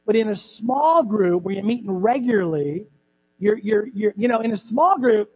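A man's voice: high voice, lively intonation, normal speed. A man preaching a conversational sermon as pastor in a church, repeating words and adding asides to the congregation. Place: church sanctuary. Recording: dull lo-fi with mains hum.

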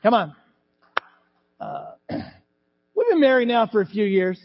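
A middle-aged male pastor preaching a sermon, animated, acting out voices from the scripture story. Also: high voice, unhurried. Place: church sanctuary. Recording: dull church recording with long reverb.

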